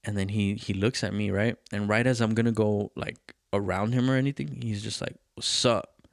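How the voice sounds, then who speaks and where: Low-voiced man telling a profane story. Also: a little fast, gravelly, no echo, studio quality. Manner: profane, animated, acts out quoted voices. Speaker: podcast host. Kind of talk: casual storytelling.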